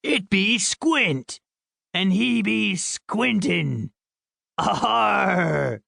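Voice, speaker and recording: A male narrator voicing a teenage bully who puts on a slow, mocking pirate voice. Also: high-pitched, expressive, creaky, bright, forceful tone, dry recording, clean studio sound, pitched above the performer's own voice, heavily acted. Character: teen boy bully doing a mock pirate voice.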